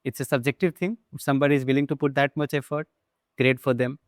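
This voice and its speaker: A man from India with an Indian English accent, hosting his channel in a relaxed, agreeable casual chat. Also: mid-range voice, fast talker, no room sound, studio quality. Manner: relaxed, agreeable, many short backchannels. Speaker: channel host. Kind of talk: casual conversation.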